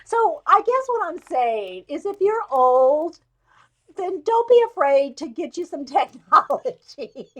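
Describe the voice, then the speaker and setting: A chatty woman in her late fifties hosts a live stream, her voice sitting noticeably high. She wanders off on tangents, laughs often at herself, and talks to her viewers as if they were old friends. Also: big pitch swings, takes it slowly. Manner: rambling, digressive storytelling with frequent laughs. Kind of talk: casual live chat.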